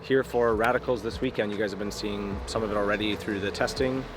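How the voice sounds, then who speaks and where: A man's voice: on the low side, fairly even intonation, fairly quick, background noise. A young man, a racing driver, chatting casually in a vlog, upbeat and self-deprecating. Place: outdoors in a city, then at a race track. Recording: music playing under the voice.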